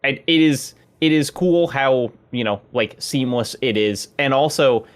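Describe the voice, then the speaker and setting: Animated man on a games podcast. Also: medium pitch, unhurried. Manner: animated, acts out reactions in quotes. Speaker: podcast co-host. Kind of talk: casual chat.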